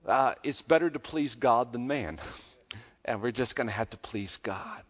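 A pastor preaching a sermon, telling a story in a conversational way that grows loud when excited. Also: male voice, on the high side, unhurried. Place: church sanctuary. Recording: dull sound with long church reverb.

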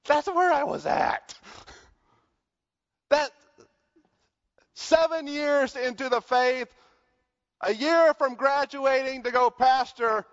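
Male pastor from the American South, high voice, animated sermon delivery, muffled recording. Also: slow pace, pauses often, big-room sound. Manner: animated preaching, swings between loud and quiet.

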